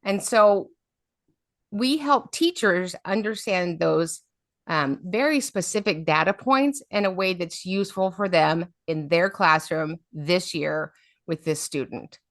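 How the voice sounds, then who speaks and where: A middle-aged woman tells stories as an interview guest. She often checks in with "right?" Her voice sits a bit low, and the recording is dry and close. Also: slow, no room sound. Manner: lively storyteller, often adds "right?". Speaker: special education advocate, guest. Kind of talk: storytelling interview talk.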